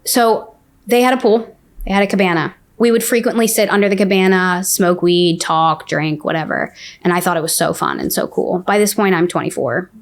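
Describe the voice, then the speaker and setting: A woman's voice: on the low side, moderate pace. A woman guest on a podcast, telling a personal story in a casual, candid way and saying "like" a lot. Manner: candid, says "like" often.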